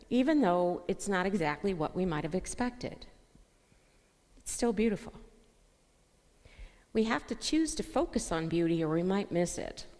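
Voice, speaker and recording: Woman minister with a low, reverberant voice. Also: a little mellow. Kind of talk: sermon. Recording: long reverb.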